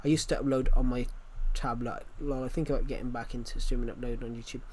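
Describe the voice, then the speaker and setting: A man's voice: mid-range voice, flat delivery, fast, darkish tone, slight background noise. A young British man in his twenties chatting casually on a live stream, rambling and repeating himself as he answers viewers. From Britain. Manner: rambling, repeats and restarts phrases.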